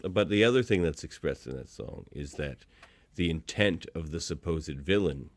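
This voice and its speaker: A man's voice: extremely low pitch, lively intonation. A man with a thick Nova Scotian accent chatting on a podcast in a playful, teasing way. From Canada. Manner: playful and teasing, quick to laugh. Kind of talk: casual podcast chat.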